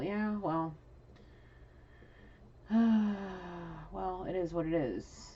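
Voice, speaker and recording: An intuitive reader from New York City, a woman with a deep, darkish voice, addresses an absent person directly with a frank, scolding reading. She's blunt and restarts often. The audio is dull and lo-fi with faint noise.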